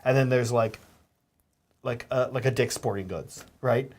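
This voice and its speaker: A man's voice: mid-range voice, unhurried, a little mellow. Man, show host, casual chat, hesitant, repeats words, lots of fillers.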